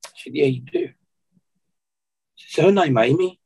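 An Australian man, a podcast guest, earnestly recounting a personal testimony at an unhurried pace and often clearing his throat. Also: a little high, lively intonation, darkish tone, poor audio.

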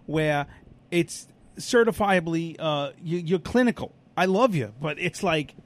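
Male podcast co-host, slightly high voice, rambling and chatty. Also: animated, unhurried. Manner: rambling, self-interrupting storyteller with many restarts and fillers. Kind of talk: casual chat.

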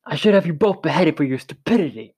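A man reading a story, voicing a brawny, cruel male commander who talks in a loud, barking way. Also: a little high, animated, quick pace, breathy edge, no room sound, pitched above the performer's own voice. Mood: furious.

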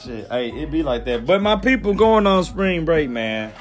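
A man's voice: on the high side, big pitch swings, normal speed, faint music behind. A young man from Mississippi with a Southern accent, co-hosting a casual podcast and telling stories in a loose, profane way. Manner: loose, profane storytelling with playful voice switches. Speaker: podcast co-host.

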